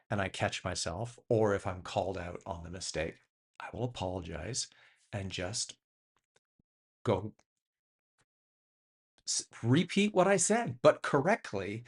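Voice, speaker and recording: A middle-aged man talks through his thoughts in a reflective, explanatory way. His pitch moves a lot and rises sharply when he stresses a point. He slows down to spell out key words. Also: slightly rough. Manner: thoughtful, explanatory, with lively shifts in emphasis. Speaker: host. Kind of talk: reflective monologue.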